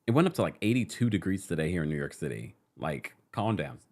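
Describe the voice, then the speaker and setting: A man's voice: sits low, sing-song, fast talker, a little mellow. A man hosting a casual live-stream recap from New York City, chatting and reading viewer comments aloud with frequent laughs.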